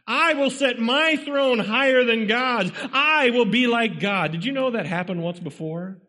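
A man's voice: very high-pitched, a little slow, bright, forceful tone, long reverb tail. A man preaching a sermon, pressing his points with emphatic repetition and rhetorical questions to the congregation.

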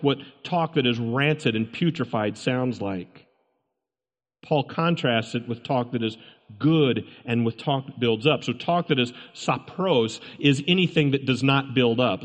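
A pastor delivering an emphatic sermon, repeating his points and asking the congregation rhetorical questions. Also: medium pitch. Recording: long reverb from a large room.

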